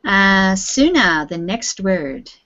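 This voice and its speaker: Brief: woman English teacher, slow and careful delivery, dull lo-fi call audio. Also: medium pitch, sing-song, bright, forceful tone. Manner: slow, patient, clearly enunciating. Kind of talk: online class teaching.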